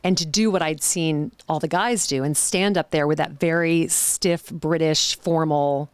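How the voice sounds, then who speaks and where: A woman in her forties, a charity auctioneer, telling lively, self-deprecating stories in a podcast interview. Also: sits low, measured pace, smooth, dry recording.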